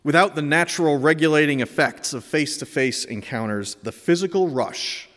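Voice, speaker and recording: A man's voice: fairly high pitch, moderate pace, fairly bright tone. A man in his thirties telling a personal story with candid, humorous asides. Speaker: speaker. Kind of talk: personal reflective talk. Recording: echoey hall.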